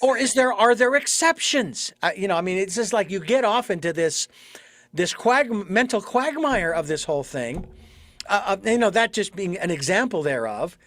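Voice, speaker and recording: A man hosting an interview podcast, talking in an animated way with rhetorical questions and some hesitant fillers. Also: sits high, normal speed. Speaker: podcast host. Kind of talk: conversational interview.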